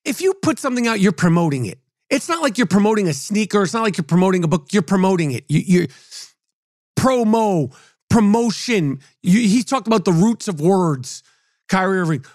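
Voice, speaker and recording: A man's voice: sits high, lively intonation, fairly quick, darkish tone, dry recording, studio quality. A man hosting his own podcast, ranting bluntly and profanely about basketball players. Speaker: podcast host. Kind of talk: profane sports rant.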